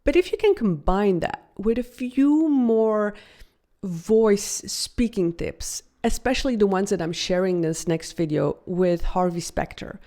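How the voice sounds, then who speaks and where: Woman voice coach, chatty and upbeat, demos stuff, mellow tone. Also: medium pitch, expressive. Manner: upbeat, demonstrative, deliberately slows for effect. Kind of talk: video lesson.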